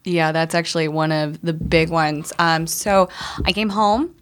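Woman veteran, 30s, candid podcast guest, profane and animated storyteller. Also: sits low, unhurried.

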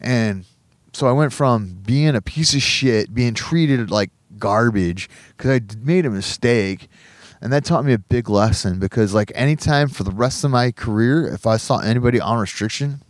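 A man's voice: mid-range voice, moderate pace, no room sound, studio quality. A man hosting a podcast, telling a long casual story with lots of swearing, restarts and laughter. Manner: profane, rambling, laughing often. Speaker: podcast host.

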